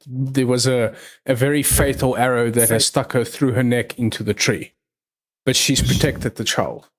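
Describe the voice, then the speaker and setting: Male game master for a livestreamed tabletop game. Slow, deliberate storytelling with a mid-range voice. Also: medium pitch. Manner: slow, measured storytelling with pauses. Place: online livestream.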